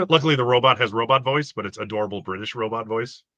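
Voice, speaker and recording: A man's voice: medium pitch, quick pace, pushed and bright, dry recording, muffled recording. A man chatting casually about a film on a video call, rambling with lots of fillers. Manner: rambling, filler-heavy, laughs often. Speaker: co-host reviewing movies. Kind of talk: casual movie review chat.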